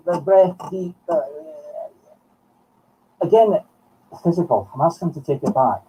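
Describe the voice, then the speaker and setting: Scottish man with a husky voice. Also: on the high side, recorded from a distance. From Scotland. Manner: halting, thinking aloud in short phrases. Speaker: medium. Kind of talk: live spiritualist broadcast. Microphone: streaming from home. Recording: muffled sound from off the mic.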